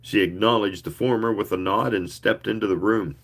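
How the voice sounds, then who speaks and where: A man reading a story aloud in an expressive, leisurely way, with occasional asides. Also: fairly low pitch, a little fast, vocal fry. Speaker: reader.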